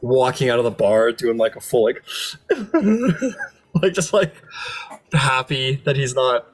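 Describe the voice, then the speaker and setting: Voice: mid-range voice, moderate pace. A game master narrating a tabletop game in a loose, rambling way, full of fillers and laughter.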